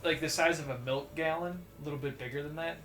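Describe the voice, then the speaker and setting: A man's voice: on the high side, fast. Rambling young man telling a story. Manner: rambling storyteller, animated when acting out shouts. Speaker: let's play co-host. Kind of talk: casual gaming chat. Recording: roomy echo with faint game music.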